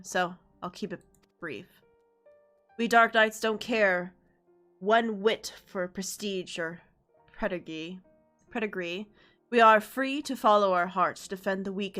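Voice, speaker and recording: A woman voicing a self-assured male dark knight mentor from a game, measured and a little wry. The voice sits at a middling pitch and carries a sore throat, with faint music underneath. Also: natural voice. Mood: stern. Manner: measured, wry, reading dialogue aloud. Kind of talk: reading game dialogue aloud.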